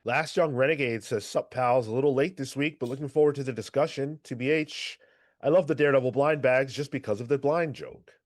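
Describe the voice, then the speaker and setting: Animated man hosting a comics podcast. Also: medium pitch, brisk. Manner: animated, swears, exasperated rants. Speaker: podcast co-host reading chat. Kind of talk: casual chat.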